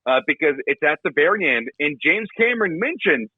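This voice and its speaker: Animated, profane young man ranting. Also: on the high side, a little fast, breathy edge, no echo, narrow, tinny audio. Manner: profane, animated storytelling with mocking impressions. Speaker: podcast co-host. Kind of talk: casual podcast movie rant.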